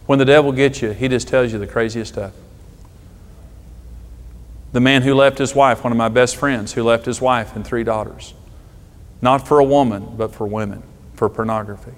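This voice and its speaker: Middle-aged male pastor, mid-pitched, preaching emphatically and telling stories, in a large echoing hall. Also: fairly even intonation. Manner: emphatic preaching, storytelling with dramatic pauses. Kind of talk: sermon. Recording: long hall reverb.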